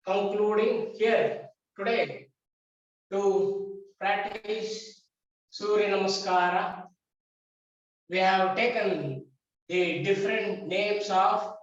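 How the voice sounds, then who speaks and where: A man with an Indian English accent, a yoga teacher lecturing his class in short, repeated, emphatic phrases. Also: high voice. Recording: echoey dull recording from a distance.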